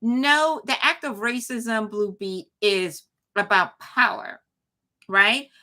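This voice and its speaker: A woman's voice: on the high side, slow, sharp tone. A woman hosting a live commentary show, talking emphatically with frequent restarts and replies to chat. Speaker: show host.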